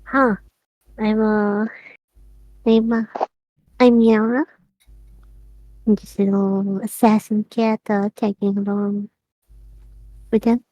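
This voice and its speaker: A shy little assassin cat stammers out slow, halting words in a soft, mellow voice, as a player puts her on. The recording is close and dry. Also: mid-range voice, flat delivery, dry recording, lightly acted, low-quality recording. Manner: hesitant, halting.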